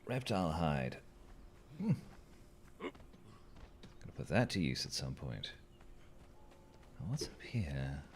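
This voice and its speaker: A man's voice: very deep voice, big pitch swings, slow pace, long pauses, slight background noise. A man chatting playfully through a game as a let's-play host, joking with the creatures on screen. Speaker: gaming channel host.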